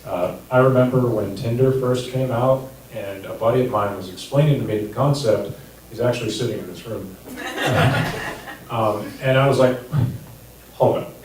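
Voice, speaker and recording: Guy in his 30s doing standup, deadpan and crude, sounds way off in a super echoey room with some hiss. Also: medium pitch, normal speed. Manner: deadpan, crude, self-deprecating. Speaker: stand-up comedian. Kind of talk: stand-up set. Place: comedy club stage. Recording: echoey distant room recording with noise.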